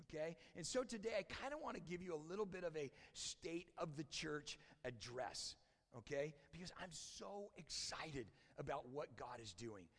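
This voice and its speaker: A man preaching a conversational sermon as a church pastor, often dropping to a hushed, intense tone. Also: fairly high pitch, vocal fry, in a large hall. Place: church sanctuary.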